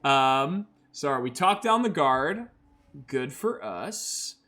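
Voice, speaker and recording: Running a solo tabletop RPG as both game master and host, this man chats loosely, fills his talk with fillers, and chuckles at how his dice land. His medium-pitched voice is bright and forceful, very animated yet unhurried.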